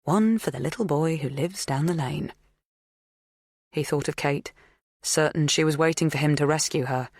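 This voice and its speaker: A woman narrating a suspense audiobook in a measured, even reading. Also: sits low, dry recording, clean studio sound. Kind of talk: scripted narration.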